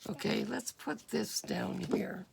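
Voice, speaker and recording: A woman with a deeply gravelly, gruff voice talks very slowly through a craft project, thinking aloud with plenty of fillers and now and then slipping into a whisper. Clear background noise and clicking tools run under her voice. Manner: unhurried, thinking aloud with fillers and drops into whispers while working. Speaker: crafter demonstrating a junk journal project. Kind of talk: casual step-by-step craft demonstration.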